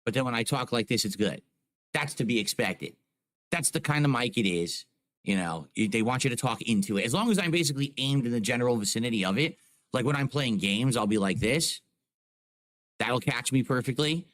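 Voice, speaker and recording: A man's voice: mid-range voice, expressive, brisk, fairly bright tone. A man streaming from home, chatting casually to his live chat and explaining things with lots of "like" and "you know", close on a desk microphone. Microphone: close desk microphone on a boom arm.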